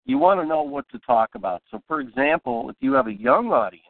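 A man's voice: medium pitch, brisk, gravelly. Rambling man on a tinny line. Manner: relaxed, rambling, many fillers. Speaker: podcast host teaching broadcasting. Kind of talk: casual instructional talk. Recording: tinny phone-like, dry.

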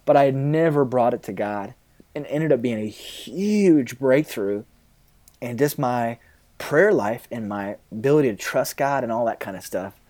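A man's voice: medium pitch, lively intonation, a little slow, a little mellow. A man in his thirties, a pastor, talking candidly in a casual interview, rambling a little with fillers.

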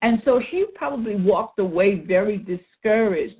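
A woman's voice: medium pitch, expressive, moderate pace. A woman leading a Bible study, reading old-style scripture and then explaining it earnestly. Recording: tinny phone line.

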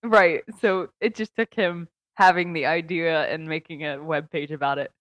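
A young woman co-hosting a casual comedy podcast over a Skype call, talking loudly and laughing often. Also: low voice, moderate pace, dry recording, dull audio. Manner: loud, excitable, laughs often. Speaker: podcast co-host.

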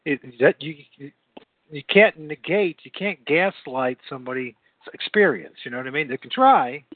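A man with a fairly high, lively voice chats at normal speed on his own podcast, a casual late-night call-in show. Rambling, repeating words and quick to laugh, he comes through a dry recording that still has a tinny, phone-like quality.

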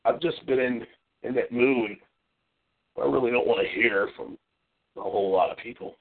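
A man's voice: medium pitch, moderate pace. A man hosting a call-in show, delivering a brash, boastful and profane monologue. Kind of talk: solo call-in radio monologue. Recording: phone-like lo-fi call-in audio.

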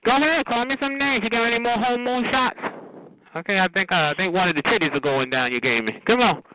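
A man trash-talking a caller on a phone chatline, sassy and taunting with a drawn-out delivery. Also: high voice. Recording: tinny phone line with noise.

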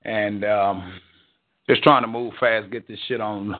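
A man's voice: fairly low pitch, fairly even intonation, unhurried. A middle-aged man hosting a live stream, out of breath, cursing and rambling casually at his viewers. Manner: profane, rambling, addresses viewers as "y'all". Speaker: livestream show host. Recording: tinny phone-like audio.

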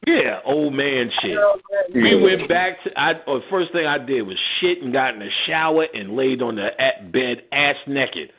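A radio show host with a mid-range, slightly rough voice speaks at a moderate pace on phone-line audio. Laughing frequently, he spins a profane tale in casual conversation and brings its people to life by acting out their quotes in voices.

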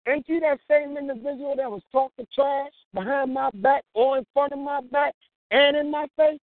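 A man's voice: very high-pitched, fairly even intonation, normal speed, no room sound, voice pushed up. A man voicing an indignant wronged man who scolds someone with incredulous questions, heard over a tinny phone-like line. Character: indignant wronged man refusing a former bully.

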